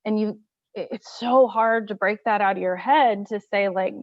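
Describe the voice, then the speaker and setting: Her pitch medium and her pace moderate, a female interview host talks casually, with blunt frankness. The lo-fi audio is dry and a little muffled.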